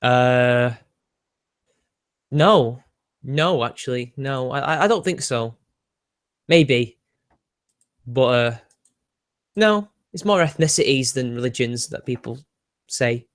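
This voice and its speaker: Young British male streamer, casual, sardonic, laughs a lot, mid-pitched everyday voice. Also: animated, slow pace, pauses often. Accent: British English. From Britain. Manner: chatty, sardonic, laughs often, answers viewer questions. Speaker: livestream host reading chat. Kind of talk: casual livestream chat.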